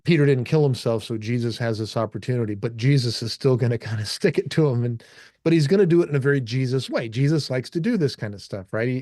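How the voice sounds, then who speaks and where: A man's voice: medium pitch, dark tone, no echo, studio quality. A man co-hosting a casual discussion, talking in a loose, rambling way and acting out quoted dialogue as he goes. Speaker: co-host.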